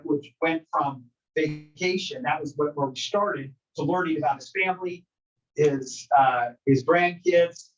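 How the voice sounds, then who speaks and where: A man teaching a workshop to a live group, coaching in a conversational way and asking the group questions. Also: on the high side. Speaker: real estate trainer. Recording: distant, dull room recording.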